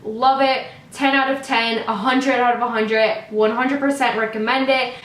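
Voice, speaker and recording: A woman's voice: fairly high pitch, fairly even intonation, moderate pace, a bit bright. A woman giving a casual makeup tutorial in an effusive, gushing way, full of exclamations. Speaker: makeup vlogger. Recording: echoey room.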